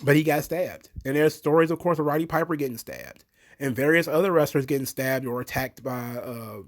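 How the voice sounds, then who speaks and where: A man giving a blunt, opinionated, rambling commentary monologue as a show host. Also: a little high.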